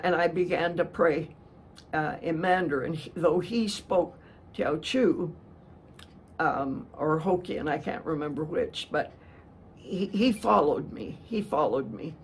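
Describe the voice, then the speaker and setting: A woman preacher telling a story from the pulpit at a slow, unhurried pace. She speaks earnestly and often restarts her words. A faint room ambience sits behind her voice. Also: lowish voice, a little hiss or hum. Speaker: missionary preacher. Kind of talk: sermon storytelling.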